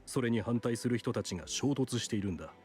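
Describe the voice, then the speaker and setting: An actor playing a smooth, self-serving middle-aged male doctor in a video game, calm and polite in a matter-of-fact way. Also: mid-range voice, racing, faint music behind, close to an everyday voice. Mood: explaining. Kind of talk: game voice acting.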